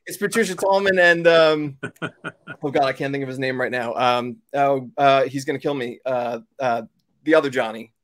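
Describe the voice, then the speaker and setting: A man's voice: medium pitch, moderate pace, fairly bright tone. A man in his thirties from New York, telling a story in casual chat, rambling with many fillers and self-corrections.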